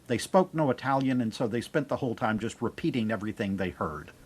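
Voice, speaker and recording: Podcast guy spinning a yarn, easygoing, middle pitch. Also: animated, quick pace, slightly rough. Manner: storytelling, joke-telling. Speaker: podcast co-host. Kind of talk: casual chat.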